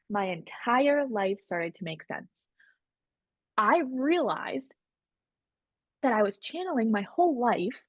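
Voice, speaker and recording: Woman, husky voice, dry close sound, candid animated storytelling, podcast guest. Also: a little high, no room sound. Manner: candid, animated, quotes others in shifting voices. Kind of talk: casual storytelling.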